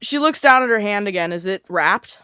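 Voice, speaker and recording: A woman playing a tabletop game, talking in an animated, filler-heavy way. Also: mid-range voice, a little fast, smooth, dry recording, clean studio sound. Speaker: player.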